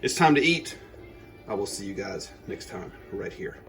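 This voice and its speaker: A man's voice: lowish voice, animated, normal speed, music in the background, poor audio. A man with a Georgia accent hosting a casual cooking demonstration, joking and talking to viewers while he cooks. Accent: Southern US, Georgia. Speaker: home cook and channel host.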